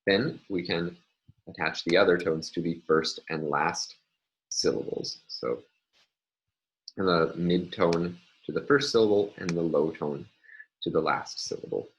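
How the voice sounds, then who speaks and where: A male linguistics lecturer explaining step by step in a measured, recorded lecture, with frequent filler words. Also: low-pitched, rough recording.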